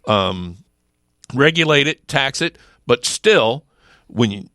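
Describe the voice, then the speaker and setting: A man's voice: medium pitch, animated, takes it slowly, pushed and bright, no echo. A middle-aged man, a sheriff's office lieutenant, speaking in a casual studio chat, emphatic and full of rhetorical questions and restarts. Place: radio studio. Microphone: close studio mic.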